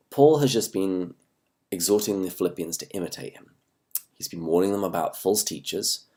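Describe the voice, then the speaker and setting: Deep-voiced Englishman with a worn voice. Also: darkish tone. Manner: measured, earnest, with slow stresses on key words. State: voice worn from recent illness. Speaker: host and Bible teacher. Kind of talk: Bible study talk. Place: home.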